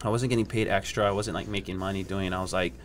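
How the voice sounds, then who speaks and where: Talking very fast in a low-pitched, steady voice, a young Hawaiian guest on a podcast shares relaxed surf stories. The surfer and scientist acts out other people's voices and laughs frequently, against slight background noise.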